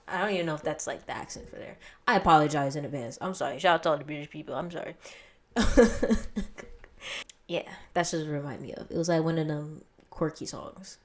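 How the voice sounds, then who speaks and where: A young woman chatting casually as she reacts to an album, slangy, laughing often and trailing off into quiet asides. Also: sits low, brisk. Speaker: music reaction host.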